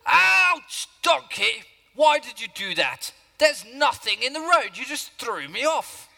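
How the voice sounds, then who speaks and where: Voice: mid-range voice, very animated, a little slow, gravelly, bright, forceful tone, in a large hall, full character voice. A man playing a flustered, grumpy old prophet in a church skit, whining and complaining melodramatically. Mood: indignant.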